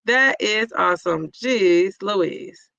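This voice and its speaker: A middle-aged woman chatting on a live stream, reading out comments and cheering on her viewers. Her voice is gravelly and bright, with a dry, close sound. She talks in a loose, rambling way. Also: medium pitch, lively intonation, slow pace, dry recording, highs cut off. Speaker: vlogger hosting a live chat. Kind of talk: casual live-stream chat.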